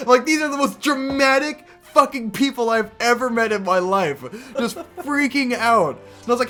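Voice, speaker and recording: A man's voice: very high voice, expressive, normal speed, a bit bright. A young man co-hosting a podcast, telling a story in a casual, exasperated rant with heavy swearing. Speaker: podcast co-host.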